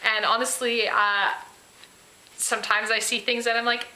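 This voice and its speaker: A woman's voice: on the high side, steady tone, moderate pace, sharp tone. A woman talking in a casual personal vlog, candid and self-deprecating, rambling a little as she goes. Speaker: vlogger. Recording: echoey room, poor quality audio.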